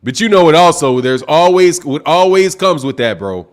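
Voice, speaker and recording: Loud and worked up, a boxing host streams live from home with drinks at hand, reading super chats out loud. His voice sits high and projects, his pace is moderate, and he slips "bro" into almost every line.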